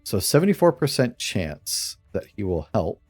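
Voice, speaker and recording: A man with a fairly low voice talks through his strategy game as a let's play. He chuckles often and sounds playfully scheming as he explains his moves. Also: very animated, normal speed, husky, no echo, faint music behind. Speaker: streamer playing a strategy game.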